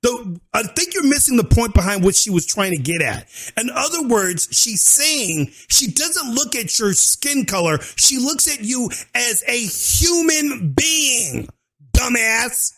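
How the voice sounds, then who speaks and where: Animated, high-pitched male reaction commentator. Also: unhurried. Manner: animated, laughing, mocking, mimics voices.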